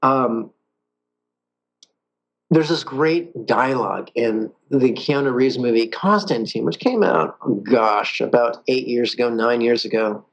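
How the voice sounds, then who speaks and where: A man teaching a guided meditation in a calm, playful way, slowing down for the guided phrases. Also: medium pitch, gravelly, muffled recording.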